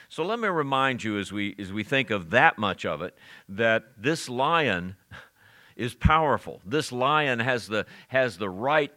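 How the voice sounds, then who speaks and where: Bright-voiced man preaching a sermon. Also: on the low side. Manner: conversational teaching with rising emphatic peaks on scripture.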